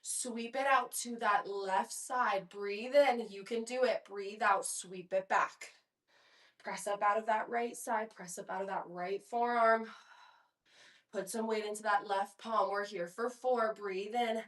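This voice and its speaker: A woman's voice: medium pitch, fairly even intonation, unhurried, fairly bright tone, recorded from a distance. Woman, young adult, pilates instructor, out of breath, encouraging, counting reps, echoey room. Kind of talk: guided workout instruction. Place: home workout room.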